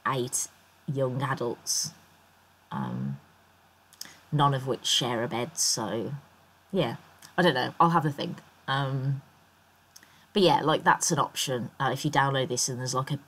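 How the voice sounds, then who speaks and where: A low-voiced woman talks over a game build in a loose, rambling way, stopping often with ums while she thinks aloud. Her voice is croaky, as it often is first thing in the morning. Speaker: Sims builder and YouTuber. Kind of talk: casual voice-over commentary on a speed build.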